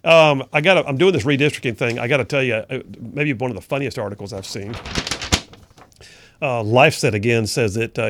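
A man's voice: medium pitch, fairly bright tone, slight background noise. A middle-aged man hosting a conservative political talk radio show, folksy and sarcastic in his commentary. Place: radio studio.

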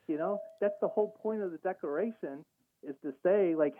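An earnest male caller comes through a tinny phone line. His voice sits a bit high, and his delivery is animated. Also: fairly quick, no room sound. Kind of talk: call-in talk radio.

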